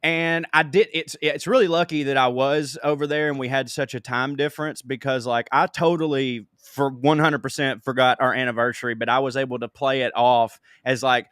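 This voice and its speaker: A man from Georgia co-hosting a casual comedy podcast, joking and telling stories with quick asides. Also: medium pitch, fairly even intonation, fairly bright tone, no room sound, studio quality. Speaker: co-host.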